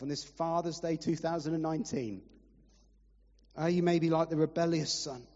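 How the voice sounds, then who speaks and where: A man's voice: on the high side, warm tone. A man preaching a sermon as pastor, earnest and pleading, at times emotional. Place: church hall. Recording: reverberant church hall, muffled.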